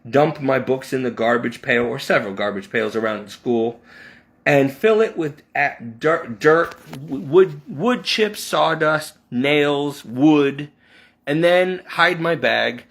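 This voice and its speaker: A man's voice: mid-range voice, takes it slowly, fairly bright tone. A middle-aged man from Connecticut venting about his past in an impassioned, rambling personal vlog, often restarting his sentences. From Connecticut, USA. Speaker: vlogger.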